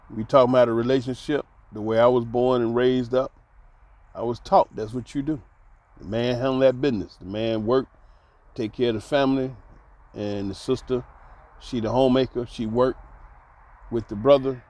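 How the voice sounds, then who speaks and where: Laughing man telling a story. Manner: laughs often while telling, drops to soft low tones; conversational, repeats words for emphasis. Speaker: host. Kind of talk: casual storytelling monologue.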